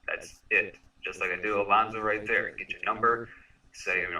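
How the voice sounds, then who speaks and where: A low-voiced man with a sharp, bright tone lays out sales advice in short, direct instructions. He sounds set back from the microphone. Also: fairly even intonation, normal speed, far from the mic, poor audio. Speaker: sales mentor. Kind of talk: casual sales coaching talk.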